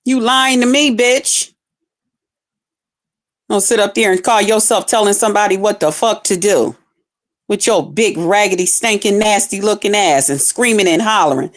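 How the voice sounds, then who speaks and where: A woman's voice: mid-range voice, normal speed. A woman streamer delivering a scornful, confrontational rant full of constant cursing. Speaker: online streamer. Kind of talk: profane ranting commentary.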